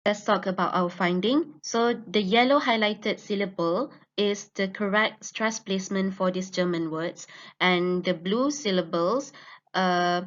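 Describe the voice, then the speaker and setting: Woman, student presenter, academic talk, measured explaining, dull lo-fi recording. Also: medium pitch.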